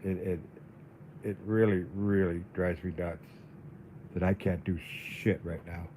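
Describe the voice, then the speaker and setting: A man livestreaming in a casual, halting way, dizzy and weak, often repeating his words. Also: low-pitched, fairly even intonation, noisy background. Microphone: phone.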